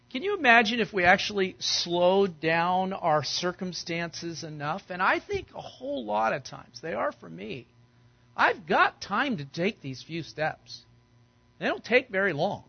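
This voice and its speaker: Male pastor, high gravelly voice, conversational sermon, slightly muffled recording. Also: sing-song, takes it slowly. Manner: conversational, acts out quoted voices loudly.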